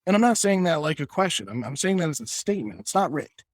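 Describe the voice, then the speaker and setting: A man's voice: fairly high pitch, big pitch swings, fast talker, no echo. A man co-hosting a casual sports podcast, ranting with passion and stumbling over restarts as he argues his point. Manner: impassioned, ranting, many restarts. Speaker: podcast co-host.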